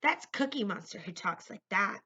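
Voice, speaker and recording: Scornful mean girl, read by a woman, curt, bright, dull audio. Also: medium pitch, lively intonation, normal speed, slightly rough. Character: snobby mean girl classmate. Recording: lo-fi recording.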